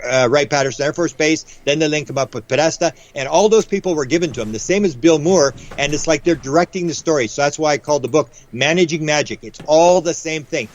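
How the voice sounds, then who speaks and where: A man as guest author in a casual interview, rambling with quick restarts and acting out the voices he quotes. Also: fairly high pitch. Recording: dull lo-fi audio.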